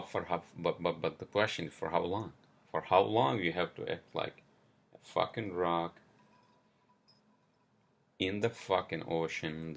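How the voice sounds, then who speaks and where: In New York, a man hosts a solo podcast and rants angrily, swearing a lot. His voice is low and gravelly, and his delivery halts with many fillers and apologies.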